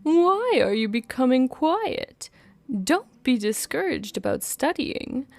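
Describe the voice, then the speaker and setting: A woman voicing a caring older princess who gently coaxes her niece in a slow, lilting voice. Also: sits high, big pitch swings, exaggerated voice. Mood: coaxing.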